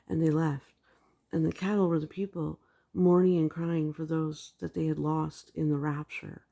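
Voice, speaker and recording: Sitting low with vocal fry, her voice is warm and slightly rough as she casually retells her dreams on a religious vlog. She rambles, dropping "like" again and again.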